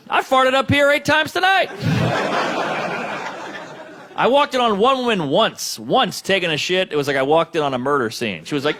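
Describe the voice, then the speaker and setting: A man's voice: a little high, very animated, fast talker, crowd noise. A man doing a stand-up comedy routine on a club stage, brash and profane with punchy delivery, laughter from the audience. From United States. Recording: noisy live club recording.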